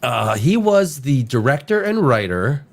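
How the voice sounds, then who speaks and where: A man's voice: mid-range voice, very animated, a little slow, vocal fry. A man hosting a casual livestream podcast, reading science news aloud with rambling asides while fighting a bad cold. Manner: rambling, joking, reads articles aloud with asides. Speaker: podcast host.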